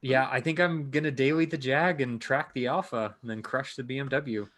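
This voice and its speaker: A man's voice: medium pitch, fairly even intonation, normal speed, a bit bright. A man co-hosting a car podcast in casual chat, rambling and stumbling over his words. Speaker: podcast co-host.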